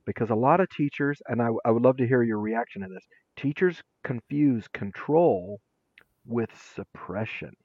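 A man speaking as an interview guest, telling stories with lively acted-out quotes. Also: mid-range voice, moderate pace, no echo, lo-fi sound. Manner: lively, acts out quotes with shifting voices. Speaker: interview guest, former teacher and administrator. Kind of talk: animated storytelling.

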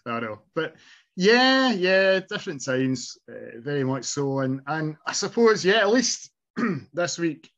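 A man's voice: a little high, very animated, slow pace, a bit bright. Chatty middle-aged man, lo-fi. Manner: chatty, reminiscing, laughs often. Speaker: podcast host. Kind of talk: casual nostalgic chat.

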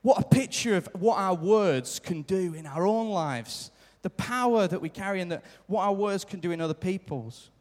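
A man's voice: sits high, animated, normal speed, hardly any pauses. A man preaching a sermon live in a church, earnest and repeating his key lines for emphasis, sometimes acting out little quoted remarks. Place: church hall. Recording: live church hall reverb.

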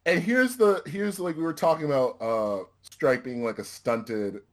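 A man's voice: fairly high pitch, measured pace. A man in casual chat, animatedly retelling a film with plenty of profanity. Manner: animated, profane storytelling with frequent restarts.

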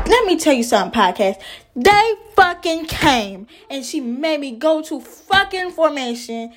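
High-voiced young woman ranting profanely. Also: very animated, measured pace. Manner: talks to the camera as "podcast". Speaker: army trainee vlogger. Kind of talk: casual venting to camera.

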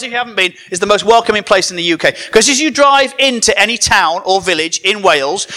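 A high-voiced man preaching with a comedian's timing, his pitch swinging widely as he jokes and banters with the crowd. His tone is bright and forceful, full of animated energy. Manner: animated, joking, banters with the audience. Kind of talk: comedic sermon to a live audience.

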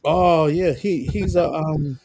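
NZ podcast co-host, husky and dry, casual slangy storyteller. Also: male voice, on the high side, takes it slowly, darkish tone, no echo. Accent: New Zealand. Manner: laid-back storytelling with slang and chuckles. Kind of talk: casual chat.

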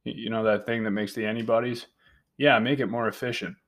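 A man's voice: lowish voice, fairly even intonation, fast, a bit bright, lightly acted. A man voicing a tired young male lab researcher who talks casually with hesitations in an audiobook.

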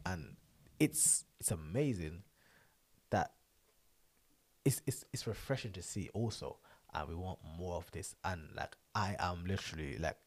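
A man's voice: low voice, darkish tone. A young man hosting a podcast, earnest and emphatic, repeating his points. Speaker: podcast host. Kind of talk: casual podcast talk.

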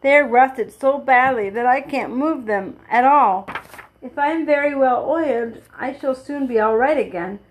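A woman's voice: high voice, moderate pace, close to an everyday voice, rough recording. A woman reading as a polite, sad tin man.

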